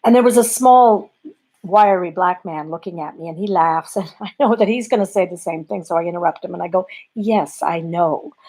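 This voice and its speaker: A woman's voice: lowish voice, fairly quick, warm tone. Wry Canadian woman telling a story. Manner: wry, conversational, self-deprecating. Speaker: comic storyteller. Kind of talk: bedtime storytelling.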